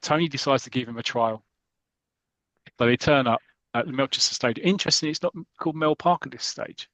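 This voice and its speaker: A man's voice: medium pitch, brisk, no echo, rough recording. Male podcast host, storyteller type, dry close-miked read. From England. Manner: animated storytelling, acting out quotes. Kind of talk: casual chat retelling a comic story.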